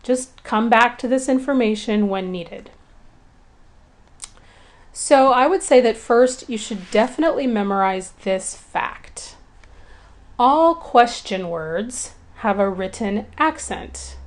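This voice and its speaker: A woman teaching a Spanish lesson in clear, patient, scripted narration, speaking to beginners in an encouraging way. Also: on the high side, expressive, takes it slowly.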